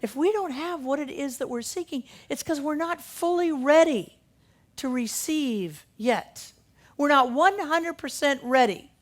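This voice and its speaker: Emphatic woman minister preaching. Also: high-pitched. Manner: emphatic, repetitive preaching with slowed key phrases. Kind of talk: sermon.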